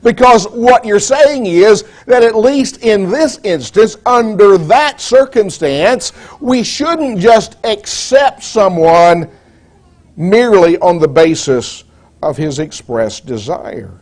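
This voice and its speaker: A man preaching a sermon in a measured, deliberate way, posing rhetorical questions to the congregation. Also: high-pitched, lively intonation, darkish tone.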